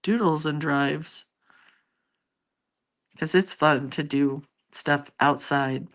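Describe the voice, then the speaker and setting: Slow and low-pitched, a middle-aged woman runs a casual live stream. She wanders comfortably through conversation with her audience, reading out what they've written.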